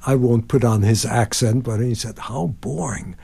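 A man's voice: medium pitch, normal speed, breathy edge. A man in his nineties, a composer, telling anecdotes in a radio interview and acting out the people he quotes. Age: 90s. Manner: animated anecdotes, sings phrases and acts out quotes. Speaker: composer guest. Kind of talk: storytelling interview.

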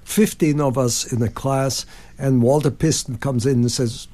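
Old guy in his 90s telling stories on the radio, acts out quotes, mellow tone. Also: mid-range voice, moderate pace. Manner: animated anecdotes, sings phrases and acts out quotes. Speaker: composer guest. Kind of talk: storytelling interview.

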